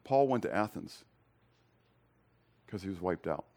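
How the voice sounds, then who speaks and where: A man's voice: lively intonation, a little slow. Conversational male pastor preaching. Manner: conversational preaching that swings between loud emphasis and quiet, low asides; asks the congregation direct questions. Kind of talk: expository sermon.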